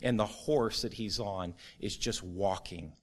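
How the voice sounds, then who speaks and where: A middle-aged man preaching a sermon to his church, earnest and building to a forceful, rising close. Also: on the low side, measured pace. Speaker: pastor.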